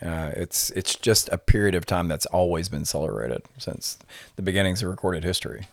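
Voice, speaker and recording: A middle-aged man, a podcast guest, explaining things in an unhurried, lecturing way with many filler words. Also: sits low, no room sound. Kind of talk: conversational explaining.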